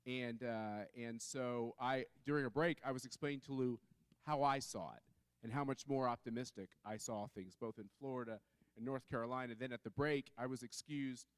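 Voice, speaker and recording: A man's voice: mid-range voice, moderate pace, clear, resonant tone, no room sound. A man on a conference panel telling a story in a chatty way, full of fillers and restarts. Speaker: panel speaker.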